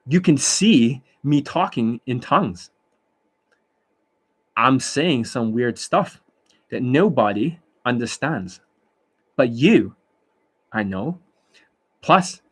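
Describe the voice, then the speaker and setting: A man's voice: mid-range voice, lively intonation, slow pace, pauses often, husky. A man who is a dating coach, talking in a rambling, boastful and profane monologue.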